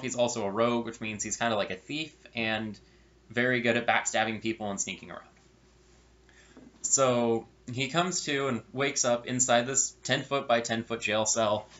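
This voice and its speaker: A man casually telling a funny story from his game nights, with wry asides and animated delivery. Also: medium pitch. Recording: dull lo-fi recording.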